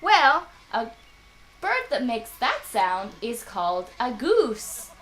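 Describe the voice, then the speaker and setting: Woman teacher for little kids, slow patient talk, bright voice. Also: on the high side, huge pitch swings. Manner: patient, clear and encouraging, with playful animal sounds. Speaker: children's English teacher. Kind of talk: children's ESL lesson.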